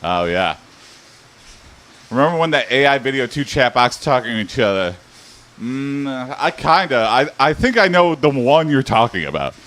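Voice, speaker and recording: A man's voice: mid-range voice, sing-song, normal speed, a bit bright. A man streaming live, chatting casually and telling loose stories, laughing often.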